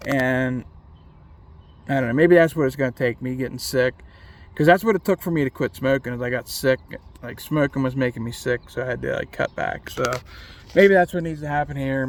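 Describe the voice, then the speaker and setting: A man in a casual vlog speaks in a gravelly, mid-range voice, open and self-critical. His talk is loose and unscripted, peppered with "like" and frequent swearing. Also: mid-range voice, slight background noise. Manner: candid and self-critical, swears freely, many "like" fillers. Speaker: vlogger and competitive archer.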